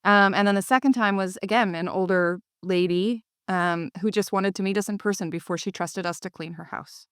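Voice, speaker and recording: A woman's voice: mid-range voice, moderate pace, hardly any pauses, clean tone, no room sound, clean studio sound. A woman co-hosting a business podcast, chatting with an upbeat coaching manner. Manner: upbeat, animated in anecdotes, coaching tone. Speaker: podcast co-host, cleaning business owner. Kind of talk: casual conversation.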